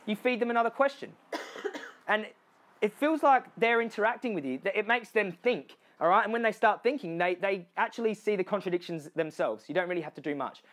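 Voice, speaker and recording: A man's voice: high-pitched, a little fast, a bit bright. A man with an Australian accent giving a motivational speech to a crowd. He addresses the listeners directly, often checking in with "okay?" and "you know", and he acts out other people's lines in changed voices.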